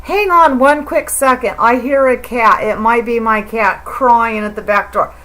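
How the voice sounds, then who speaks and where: A woman's voice: a little high, a little slow, fairly bright tone, rough recording. A middle-aged woman talking straight to the camera in an emotional, rambling religious monologue, stammering and repeating herself as she goes. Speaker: vlogger.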